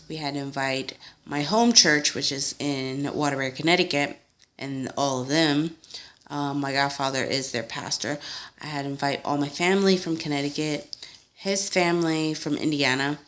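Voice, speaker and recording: Young woman, low voice, chatty, filler-heavy, laughing, acting out quotes, casual home vlog. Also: normal speed, fairly bright tone. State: sick. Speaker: vlogger. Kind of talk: casual chat answering a tag video.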